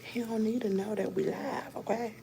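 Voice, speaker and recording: A woman's voice: a little high, steady tone, normal speed, creaky, dark tone, rough recording. A woman with a Southern accent livestreaming by phone from a dentist's exam room, talking nervously to her viewers and often dropping to a whisper. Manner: anxious, talks to viewers as y'all, drops to whispers. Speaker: vlogger livestreaming from a dentist's office. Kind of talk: casual live chat to viewers. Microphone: phone held close.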